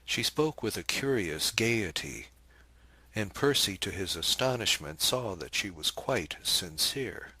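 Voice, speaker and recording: A man narrates a novel in a deep voice with an unhurried, measured pace. His tone is bright yet husky, and the recording is close and dry with no room sound. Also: expressive, dry recording. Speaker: audiobook narrator.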